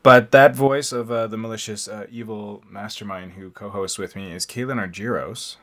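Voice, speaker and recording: A man's voice: lowish voice, steady tone, normal speed. A man hosting a podcast in casual chat, talkative and laughing often. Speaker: podcast host.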